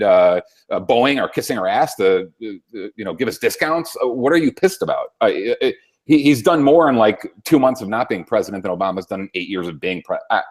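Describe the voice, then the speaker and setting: Profane rambling sarcastic man. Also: lowish voice. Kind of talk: casual political talk show chat.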